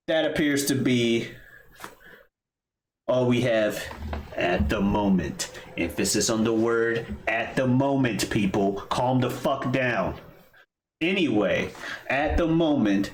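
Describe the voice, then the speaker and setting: A man's voice: medium pitch, slight background noise. A man co-hosting a podcast in casual chat, jokey and boastful, swearing freely. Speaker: podcast co-host. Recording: echoey room.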